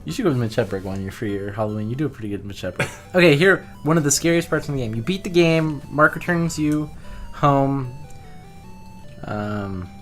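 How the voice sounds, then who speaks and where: A man co-hosting a retro game review, chatty and quick to laugh, full of fillers. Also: medium pitch, lively intonation, fairly bright tone, faint music behind. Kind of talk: casual game commentary.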